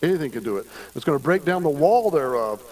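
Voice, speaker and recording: Animated folksy male pastor. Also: fairly high pitch, fast talker, low-quality recording. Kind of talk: midweek sermon.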